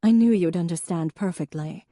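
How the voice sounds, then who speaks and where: A woman's voice: lowish voice, normal speed, mellow, no echo, studio quality, lightly acted. A woman voicing a refined, poised female professor who speaks in a genteel, formal way.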